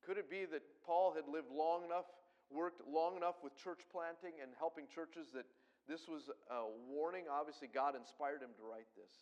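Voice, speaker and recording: A man's voice: on the high side, lo-fi sound. Fervent male pastor preaching. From Colorado. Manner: fast-paced preaching with sudden loud emphatic swells. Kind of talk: sermon.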